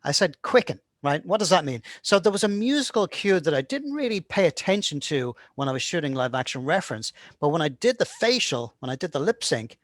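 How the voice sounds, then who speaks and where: Speaking in a slightly high, sing-song voice, this man moves fairly quickly and barely pauses, sounding a bit bright in a clean, echo-free studio recording. He's an animation instructor casually explaining his polishing process in a screen-recorded tutorial, forever tossing in "right?".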